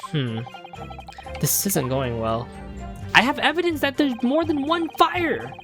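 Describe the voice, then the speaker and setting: A woman's voice: on the high side, huge pitch swings, unhurried. A woman streaming a game, reading out its dialogue and commenting with plenty of swearing. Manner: swears a lot, reads game dialogue aloud. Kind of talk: casual game playthrough commentary. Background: game music.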